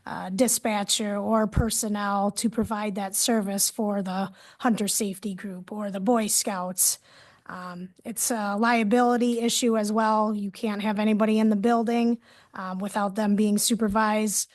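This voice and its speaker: A woman from police department staff presenting at a city committee meeting in a conversational way, often trailing off quietly. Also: mid-range voice, little pitch movement, measured pace.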